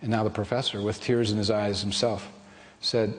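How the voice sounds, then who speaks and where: Guy preaching, storytelling easy and soft, big echoey church hall. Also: lowish voice, little pitch movement. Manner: gentle storyteller, slowing and softening for tender moments. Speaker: pastor. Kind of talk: sermon storytelling. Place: church sanctuary. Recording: long reverb of a church hall.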